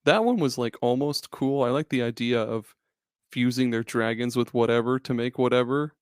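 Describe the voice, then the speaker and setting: A man's voice: medium pitch, normal speed, clean tone, dry recording, clean studio sound. A man hosting a podcast in casual chat, loose and profane, laughing often and restarting his sentences. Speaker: podcast host.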